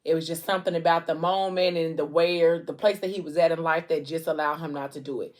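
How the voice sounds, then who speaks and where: A woman's voice: low-pitched, fairly even intonation, fast. A woman vlogger casually retelling a long story between bites, chatty and slangy, with lots of "like" and "um". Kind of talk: casual storytelling during a mukbang.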